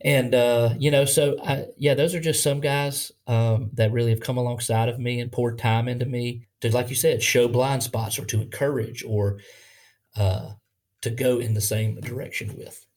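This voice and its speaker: A man with a Southern accent, a pastor talking in a casual podcast conversation, earnest and halting, with many restarts. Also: medium pitch, fairly even intonation, a little mellow. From Bible Belt, US.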